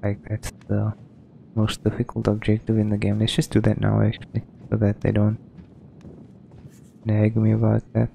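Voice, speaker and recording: Creaky-voiced man doing game commentary. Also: fairly low pitch, monotone, normal speed, long pauses, muffled recording, slight background noise. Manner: rambling, hesitant, lots of um and like. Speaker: gaming streamer. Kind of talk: casual let's-play commentary.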